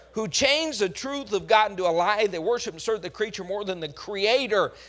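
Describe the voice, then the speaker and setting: A man preaching a sermon, telling stories dramatically and swinging between loud outbursts and hushed passages. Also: sits high.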